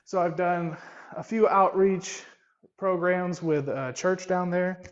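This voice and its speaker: A man's voice: sits high, steady tone, slow pace, in a large hall, lo-fi sound. A man in his twenties calling in from work, nervous and hesitant, with lots of ums and uhs. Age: 20s. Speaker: caller. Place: at his workplace.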